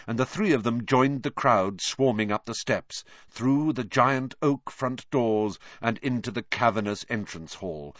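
A man narrating a storybook reading in an expressive, animated way. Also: on the low side, no echo. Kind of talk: audiobook reading. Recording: dry, dull lo-fi.

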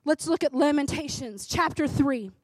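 Woman in her thirties, bright high voice, folksy devotional speaker who builds to fervent urging. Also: normal speed, no echo. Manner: chatty, keeps asking "right?"; emphatic, rises to fervent urging. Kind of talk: conversational sermon.

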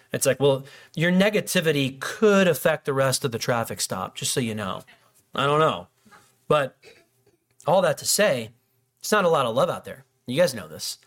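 A man's voice: mid-range voice, expressive, moderate pace, fairly bright tone. A middle-aged male pastor preaching a casual sermon, joking and acting out little dialogues between people. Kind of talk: conversational sermon.

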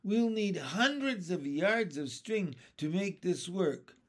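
A man voicing a clever, earnest young boy in a storybook reading, halting at times. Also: high voice, expressive, pitched above the performer's own voice, heavily acted. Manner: hesitant then firm.

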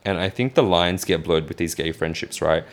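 A man's voice: low-pitched, moderate pace. A man in his thirties venting in a casual vlog rant, indignant and swearing freely. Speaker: vlogger.

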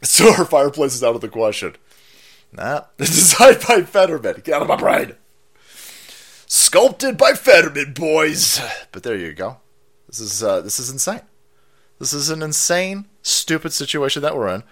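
A man's voice: on the high side, sing-song, moderate pace, a bit bright. A man hosting a stream, ranting and mocking in a foul-mouthed commentary style. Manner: foul-mouthed, mocking, acts out silly voices. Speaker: streamer host.

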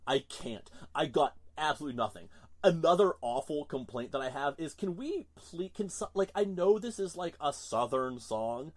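A man's voice: fairly high pitch, expressive, normal speed. A man co-hosting a casual podcast, ranting in an exasperated, emphatic way. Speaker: podcast co-host.

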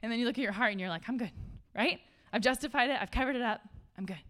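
A woman giving a casual, conversational sermon to a room of listeners. She is chatty and animated, laughs often, and says "like" a lot. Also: on the high side, very fast. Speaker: speaker at a church gathering.

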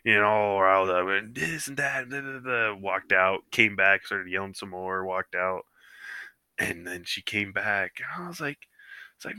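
Very deep-voiced, bright casual talker. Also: male voice, moderate pace, clean tone, no room sound. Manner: rambling storyteller with many fillers, acts out quotes. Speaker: podcast co-host. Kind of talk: casual chat. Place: living room couch.

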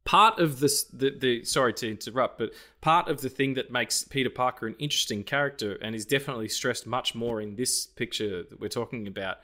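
A man's voice: medium pitch, fairly quick, hardly any pauses. A man co-hosting a podcast, chatting casually about a film, acting out lines and swearing freely. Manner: animated retelling, acts out lines, swears freely. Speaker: podcast co-host.

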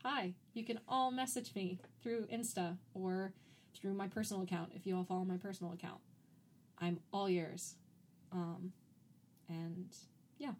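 A woman's voice: mid-range voice, steady tone, measured pace, darkish tone, a little hiss or hum. A woman co-hosting a podcast in casual chat, talking loosely with lots of "like" fillers and easy laughs. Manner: chatty, frequent "like" fillers, laughs easily. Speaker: podcast co-host.

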